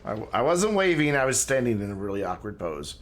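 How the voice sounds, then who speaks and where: A man streaming a video game, giving relaxed, chatty commentary and thinking aloud as he plays. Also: medium pitch, fast talker, a little hiss or hum. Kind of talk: casual gameplay commentary. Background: game music.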